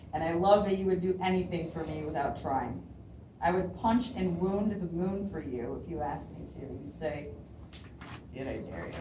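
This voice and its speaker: A woman's voice: fairly low pitch, darkish tone, a little hiss or hum. A woman poet reading her own poems aloud at a library event, nervous and laughing often between lines. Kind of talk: live poetry reading. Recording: roomy hall, voice from a distance.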